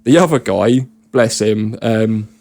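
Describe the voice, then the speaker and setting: A man's voice: lowish voice, takes it slowly, creaky, darkish tone, no room sound. A young English man telling a long work story in casual podcast chat, swearing freely, rambling and laughing often. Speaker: podcast guest and regular.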